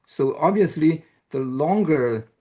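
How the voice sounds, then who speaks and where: A man giving an academic lecture who explains step by step, pauses often and checks in with the audience. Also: fairly high pitch, animated, warm tone. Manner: hesitant, with frequent "uh" and restarts. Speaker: university lecturer.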